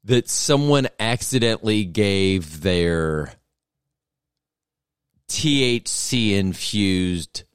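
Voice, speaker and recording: With a lowish, smooth voice and lively intonation, a middle-aged man hosts a podcast, speaking extremely slowly with long pauses. His comic story rambles and interrupts itself, in a dry, studio-quality recording.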